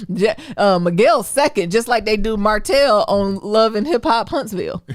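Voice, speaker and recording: A woman co-hosting a podcast, chatting casually about TV shows, animated and laughing often with quick asides. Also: mid-range voice, no echo, studio quality. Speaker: podcast co-host.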